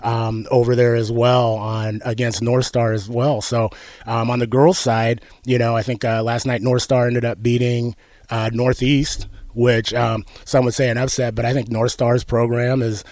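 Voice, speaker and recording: A man's voice: medium pitch, level tone, moderate pace, darkish tone, no echo. A man in his forties hosting a morning radio show in a studio, chatting casually with many ums and easy laughs. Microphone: studio microphone.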